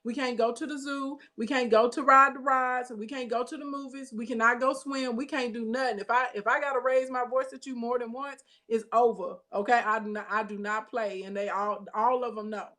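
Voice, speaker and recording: A woman's voice: steady tone, fairly quick, few pauses, pushed and bright. A woman telling a story in a casual monologue, emphatic and sassy, often checking in with her listeners. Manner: emphatic, sassy, with frequent "okay?" check-ins; says she has bass in her voice. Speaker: online business coach and vlogger.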